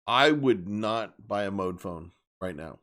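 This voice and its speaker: A man's voice: lowish voice, animated, measured pace, a bit bright. Blunt, emphatic male live-stream host. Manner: blunt, emphatic, repeats himself while ranting. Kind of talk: casual live-stream rant.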